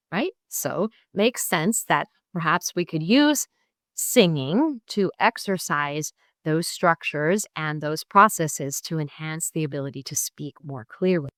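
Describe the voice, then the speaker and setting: Middle-aged woman, lecturing teacher type, slightly low voice, dry close computer mic. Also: no echo. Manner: clear, patient teaching, checks in with "right?" and "okay?". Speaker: music therapy professor. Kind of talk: online lecture with vocal exercises. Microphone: computer mic on a video call.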